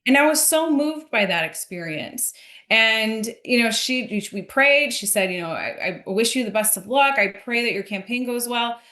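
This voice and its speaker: Bright-voiced woman in an echoey room. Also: on the high side, lively intonation, moderate pace. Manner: earnest, emotional storytelling. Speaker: congressional candidate guest. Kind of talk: earnest interview answer.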